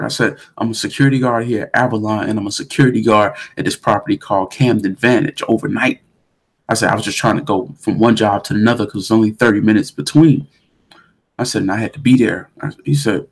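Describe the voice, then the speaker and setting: A young man co-hosting a casual talk show, telling a story with lively acted-out quotes. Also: fairly low pitch, a little fast, creaky, slightly rough. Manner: animated storyteller who acts out quoted voices. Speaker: podcast co-host.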